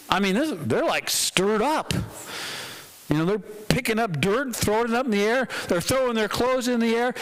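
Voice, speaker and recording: Animated male pastor preaching. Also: extremely high pitch, poor audio. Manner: animated, conversational, dramatic pauses. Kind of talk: sermon. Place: church.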